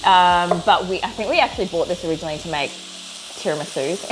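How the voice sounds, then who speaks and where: A woman's voice: fairly low pitch, fast, heavy background noise. A woman chatting casually at home and describing a drink she was sent, with a chatty manner and plenty of ums. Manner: bubbly, chatty, lots of ums. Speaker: co-host, drinks reviewer. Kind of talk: casual chat. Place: home kitchen.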